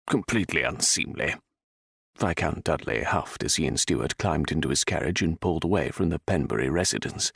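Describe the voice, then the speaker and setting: Low, gravelly male audiobook narrator. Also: no echo, studio quality. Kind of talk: scripted narration.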